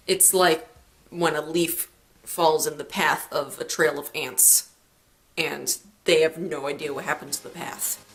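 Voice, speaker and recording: Teen woman vlogger, lowish voice, dry sarcastic rant, faint music under it. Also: a bit bright, poor audio. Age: late teens. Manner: sarcastic, chatty, rambling. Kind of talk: ranting vlog.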